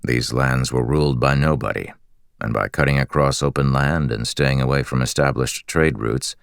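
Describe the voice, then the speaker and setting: A man reading a fantasy audiobook in a measured, steady storytelling manner on a close studio mic. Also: extremely low pitch, gravelly, clean tone, no room sound. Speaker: audiobook narrator. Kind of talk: scripted fantasy narration.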